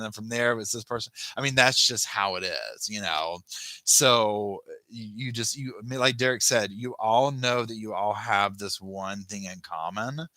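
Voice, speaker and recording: A man with a lowish voice and a very bright, forceful edge hosts a casual live chat. He rambles and cuts himself off mid-sentence, and he thanks viewers by name as he goes. The sound is dry and close, with no room echo. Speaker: livestream host.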